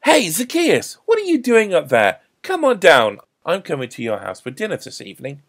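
A man voicing a kind religious teacher in a children's Bible story, speaking gently and invitingly. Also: medium pitch, very animated, fast. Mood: friendly.

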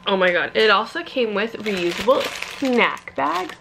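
A woman's voice: mid-range voice, unhurried, creaky, hardly any pauses, noisy background. A young woman vlogging an unboxing in a casual, gushing way, full of "like" and "you guys", and close to tears at times. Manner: gushing, excitable, fills talk with "like" and "you guys"; emotional, near tears at times.

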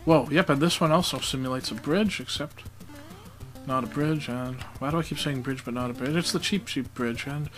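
A man's voice: mid-range voice, moderate pace, fairly bright tone, soft background music, low-quality recording. A man giving casual, joking commentary while playing a video game, with self-mocking asides. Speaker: let's play commentator.

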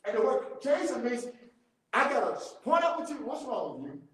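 A man leading a church Bible study, animated, repeating key words and laughing often as he teaches. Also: very high-pitched, normal speed. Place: church room. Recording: very echoey church room.

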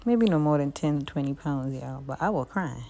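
A woman's voice: low-pitched, lively intonation, normal speed, mellow. A young woman narrating her vlog in a chatty, laid-back way. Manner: chatty, laid-back, keeps saying "y'all". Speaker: vlogger. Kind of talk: casual voice-over narration.

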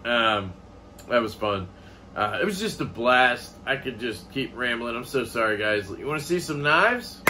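A knife-collecting vlogger rambles casually, swearing offhandedly as he talks. His medium-pitched voice is bright and forceful, with lively intonation and a measured pace, over slight background noise.

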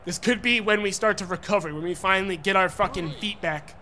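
A young man streaming a wrestling game, frustrated and profane, yelling at the referee between muttered plans. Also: high voice, fairly quick, a little hiss or hum. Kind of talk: gaming commentary.

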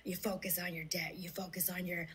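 A woman's voice: fairly low pitch, level tone, fairly quick, a crowd in the background, poor audio. A woman giving an earnest, rambling faith testimony in a video clip. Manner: earnest, rambling, with many fillers. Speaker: religious testimony speaker.

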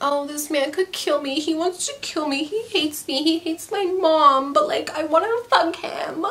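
A woman voicing a lovestruck young heroine who swoons over a dangerous man, in a hushed, breathy, mocking way. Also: high-pitched, measured pace, voice pushed up.

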